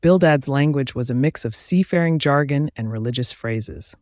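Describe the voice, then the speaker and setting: A man narrating a classic novel as an audiobook, in a clear, expressive storytelling manner. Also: medium pitch, moderate pace, hardly any pauses, no echo, clean studio sound.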